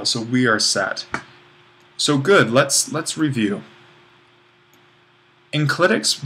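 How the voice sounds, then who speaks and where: A man in a recorded online grammar lesson, explaining rules step by step in a loose, informal way, often restarting sentences and dropping fillers. His voice sits at a middling pitch. A faint hiss runs underneath. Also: pushed and bright. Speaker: Greek language instructor.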